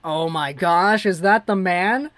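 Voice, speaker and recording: A woman hosting a fan livestream, giving live play-by-play that swings between hushed worry and excited shouting. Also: fairly low pitch, takes it slowly, slight background noise. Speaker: livestream host.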